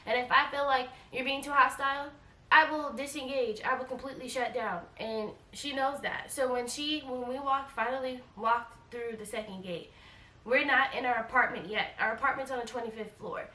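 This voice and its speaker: A woman in her forties telling a travel storytime in a casual, animated way, acting out quoted lines and repeating herself. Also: sits high, normal speed, far from the mic. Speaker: travel vlogger. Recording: echoey room, voice a bit off-mic.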